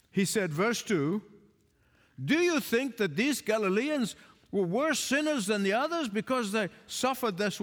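A man preaching a sermon as pastor, emphatic, pushing up loud on key points and chuckling between them. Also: high voice, in a large hall.

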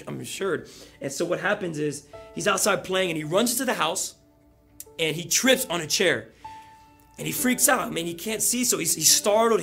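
A male pastor preaching a sermon, telling a story and building to loud emphatic peaks. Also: a little high, vocal fry.

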